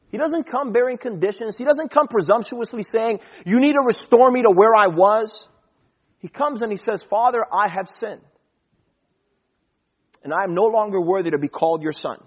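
High, husky-voiced man preaching. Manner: conversational preaching with scripture quotes, acts out dialogue. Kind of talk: sermon. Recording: dull lo-fi recording.

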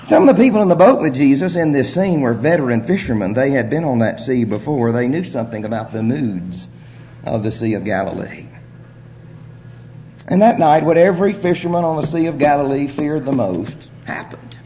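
A man preaching a sermon, telling the story in an earnest way with measured pauses. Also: medium pitch, expressive, dark tone, a little hiss or hum.

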